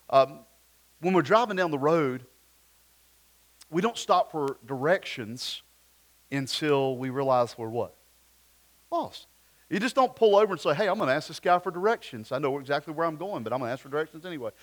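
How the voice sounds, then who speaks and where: A man, preaching a sermon at a church service in a conversational way, full of rhetorical questions and personal stories. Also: a little high. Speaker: pastor.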